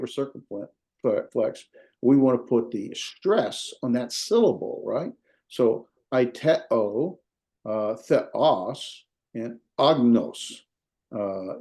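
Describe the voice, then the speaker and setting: A man with a Southern US accent and a mellow mid-range voice teaches beginner Greek in an informal classroom lecture. His folksy delivery is repetitive and full of fillers.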